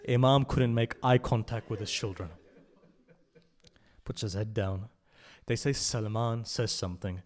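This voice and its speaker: A man speaking at a mourning gathering in a religious centre hall, reciting with passion, swelling to loud cries and dropping low again, often asking the listeners direct questions. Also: steady tone, unhurried.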